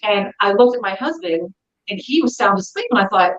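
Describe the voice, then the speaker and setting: A woman's voice: mid-range voice, fairly quick, reverberant, muffled recording. A woman telling a ghost story in a casual chat, acting out the voices of the people in it. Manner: animated, acts out dialogue in her story.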